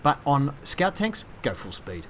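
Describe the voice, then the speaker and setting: A man's voice: a little high, huge pitch swings, unhurried, slight background noise. A man reviewing a video game, chatty and self-deprecating, with casual fillers. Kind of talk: gameplay commentary.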